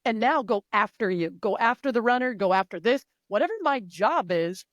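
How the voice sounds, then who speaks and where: A woman coach with a fairly high voice speaks with emphatic, animated energy. She swears freely and slips into the voices of her athletes, recorded close and dry with no room sound. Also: moderate pace, no room sound, dull audio. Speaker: mindset and performance coach. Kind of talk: guest in a sports interview.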